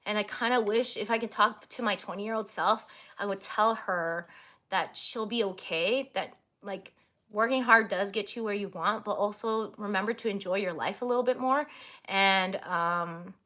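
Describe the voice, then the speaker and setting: A woman's voice: mid-range voice, moderate pace, sharp tone. A woman in her thirties chatting casually on a livestream, reading viewer comments aloud and giggling often.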